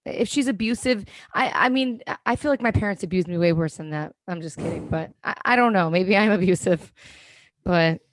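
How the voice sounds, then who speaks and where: A woman's voice: medium pitch, a little fast, no echo. A middle-aged woman co-hosting a podcast, talking bluntly and swearing freely in casual chat. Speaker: podcast co-host.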